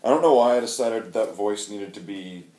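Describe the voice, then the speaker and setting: Deep-voiced male vlogger, workout ramble, self-mocking, echoey room. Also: moderate pace, mellow. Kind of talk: casual talk during a home workout. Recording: echoey room, faint noise.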